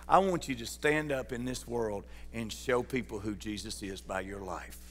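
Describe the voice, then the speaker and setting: A man's voice: fairly high pitch, a bit bright, big-room sound. A man preaching a sermon as pastor, folksy and joking, putting questions to his congregation. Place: church sanctuary.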